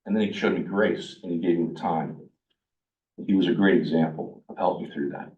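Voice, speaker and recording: A man speaking casually to a workshop group about recovery, blunt and animated, sometimes acting out the things people said to him. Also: low voice, brisk, far from the mic, dull audio. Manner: blunt, animated, acts out his own quoted dialogue. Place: meeting room with a live group.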